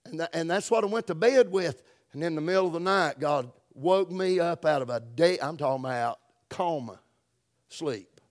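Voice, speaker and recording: A middle-aged man with a Southern US accent, preaching a folksy, emphatic sermon that swings between loud stresses and soft, drawn-out words. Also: fairly high pitch. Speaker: pastor.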